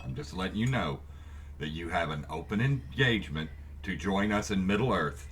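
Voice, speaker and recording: A man's voice: sits low, expressive, moderate pace, a little hiss or hum. A middle-aged man co-hosting a casual chat show, laid-back and hesitant, with fillers and swearing. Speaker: co-host.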